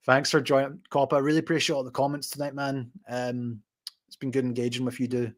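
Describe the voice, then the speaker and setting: A man reading out and answering viewer comments on a live stream, relaxed and chatty, with lots of ums and uhs. His voice sits at an ordinary middle pitch for a man. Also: normal speed. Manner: relaxed, chatty, reads viewer comments aloud with many fillers. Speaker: boxing channel host.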